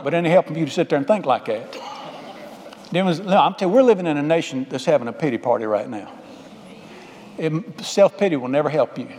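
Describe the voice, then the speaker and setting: A man's voice: on the high side, a little mellow, a little hiss or hum. A man preaching a folksy, emphatic sermon, calling out to the congregation for amens. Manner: call-and-response, folksy and emphatic. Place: church sanctuary. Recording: long hall reverb.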